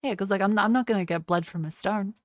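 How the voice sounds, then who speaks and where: A woman's voice: medium pitch, fast talker, dry recording, studio quality. A young woman streamer in casual livestream chat, ranting with a lot of swearing and mocking others in put-on voices. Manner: profane, ranting.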